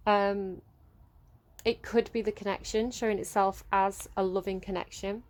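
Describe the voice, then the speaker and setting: A woman giving an emotive tarot reading, speaking gently and pausing to search for words. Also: medium pitch, fairly even intonation. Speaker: tarot reader.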